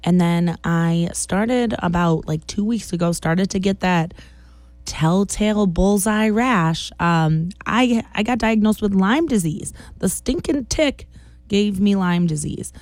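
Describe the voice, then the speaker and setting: A woman's voice: mid-range voice, slow, darkish tone, dry recording, faint music behind. A woman in her thirties, a radio DJ, chatting casually on air, tired and a bit short of breath, rambling with fillers.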